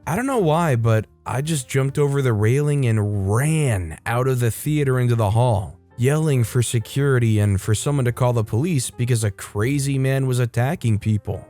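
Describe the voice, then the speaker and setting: A man at a middle pitch tells a reddit story in a steady, scripted read. His delivery stays even from line to line. A faint music bed plays under the voice. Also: normal speed, few pauses. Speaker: story narrator.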